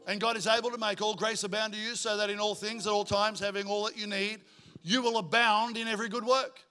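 Male pastor, joking energetic sermon, higher voice, church auditorium. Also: fast, smooth, soft background music. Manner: joking, energetic preaching to a congregation.

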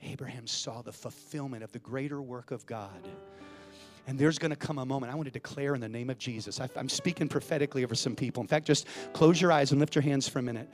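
A man's voice: mid-range voice, quick pace, faint music behind. A man preaching a sermon as a pastor, emphatic and calling out to the congregation in a church.

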